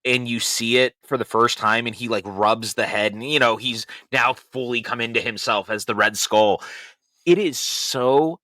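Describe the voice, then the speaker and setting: A man's voice: mid-range voice, normal speed, bright, forceful tone, no echo, studio quality. A middle-aged man co-hosting a casual film review podcast, enthusiastic and laughing often. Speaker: podcast co-host.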